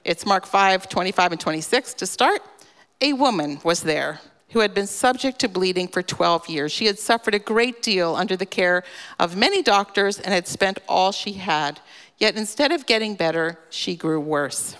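A woman giving an earnest devotional teaching on a scripture passage, gently emphatic and personal. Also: mid-range voice, moderate pace. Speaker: devotional speaker. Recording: long reverb.

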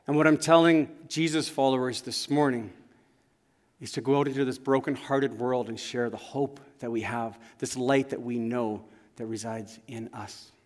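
A male pastor with a mid-range voice and steady tone preaches at normal speed in a church sanctuary. His sermon tells stories in an earnest, conversational way, and the recording carries the long reverb of a large church hall.

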